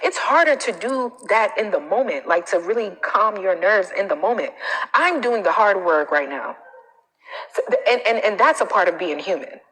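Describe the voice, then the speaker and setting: A woman confidence coach giving advice on a live stream, emphatic, repeating her points and tagging them with "okay?"; she acts out other people's quoted lines in a higher voice. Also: expressive, normal speed, bright, forceful tone, husky, in a large hall, rough recording. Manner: emphatic, repeats phrases, frequent "okay?" tags.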